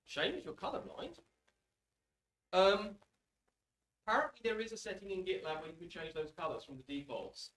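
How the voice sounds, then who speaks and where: A man's voice: fairly high pitch, a bit bright, roomy sound, low-quality recording. A man giving a technical conference talk, with dry self-deprecating humor and frequent ums. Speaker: conference speaker. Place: conference hall.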